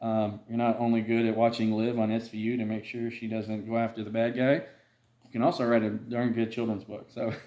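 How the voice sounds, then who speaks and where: Playful picture-book reader in a roomy space. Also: brisk. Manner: playful, chuckling asides to a small child; swings into high excited character voices. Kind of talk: reading a picture book aloud. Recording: roomy home recording.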